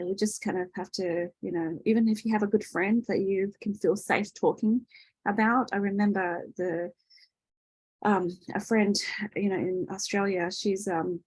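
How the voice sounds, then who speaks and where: A woman's voice: medium pitch, darkish tone, husky, dry recording, rough recording. A woman hosting an online wellness workshop, talking in a chatty way with many fillers and restarts. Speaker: workshop host and energy healer.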